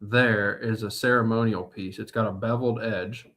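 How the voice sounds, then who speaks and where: A man's voice: on the low side, fairly even intonation, moderate pace, fairly bright tone. A man chatting as a podcast guest in an easygoing, laid-back way. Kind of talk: casual chat.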